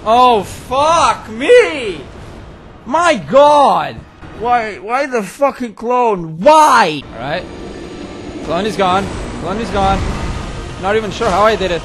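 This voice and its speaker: High-voiced excitable man yelling at a game. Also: slow. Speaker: gaming video host. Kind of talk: live let's-play commentary. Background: game music.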